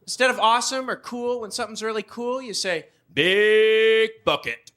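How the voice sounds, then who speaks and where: High-voiced young male stand-up comic. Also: quick pace. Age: young adult. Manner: animated storytelling, acting out voices. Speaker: stand-up comedian. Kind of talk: live stand-up routine. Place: comedy club stage. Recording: noisy live stage recording.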